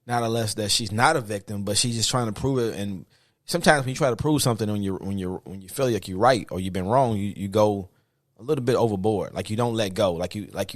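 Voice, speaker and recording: A man with a low voice muses aloud on a podcast, hesitant and full of "like" and "uh" as he works out his point. The sound is close and dry, with no room echo. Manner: thoughtful, hesitant reasoning with fillers. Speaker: podcast co-host. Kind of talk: casual podcast chat.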